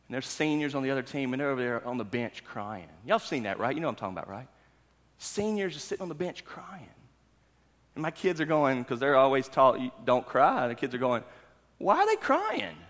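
A pastor in his thirties preaching a sermon, talking with his congregation and asking them questions before he builds to loud, emphatic preaching. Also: medium pitch. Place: church hall. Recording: long hall reverb.

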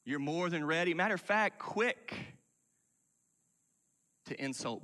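A man preaching a sermon, emphatic, dropping from loud declarations to hushed asides. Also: on the high side, lively intonation, slow, long pauses, in a large hall. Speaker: pastor.

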